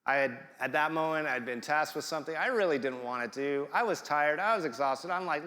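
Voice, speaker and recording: A guest preacher delivers a sermon in a reverberant church sanctuary, his voice fairly high and sharp. He talks briskly with hardly any pauses, keeping it conversational and playful while acting out quoted voices.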